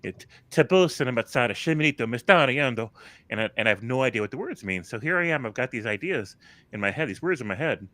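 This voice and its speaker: A man co-hosting a casual chat show, telling a relaxed personal anecdote. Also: mid-range voice, quick pace, dry recording. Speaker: podcast co-host.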